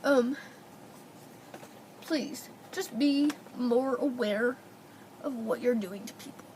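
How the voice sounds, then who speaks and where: Tearful high-voiced young woman, sniffling. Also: slow, a little mellow, a little hiss or hum, poor audio. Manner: tearful, pleading. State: crying, sniffling. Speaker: vlogger. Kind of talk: emotional personal vlog. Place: indoors at home.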